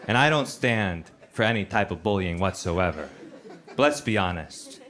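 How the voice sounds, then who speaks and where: A man doing stand-up comedy on a stage, telling stories in a deadpan, conversational way. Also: deep voice, normal speed. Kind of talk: stand-up storytelling. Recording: loud background noise.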